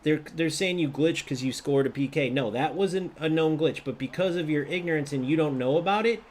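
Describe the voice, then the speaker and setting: A man giving live gameplay commentary on a football video game, ranting and arguing with viewers in an animated, direct way. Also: on the high side, a little fast, a little hiss or hum.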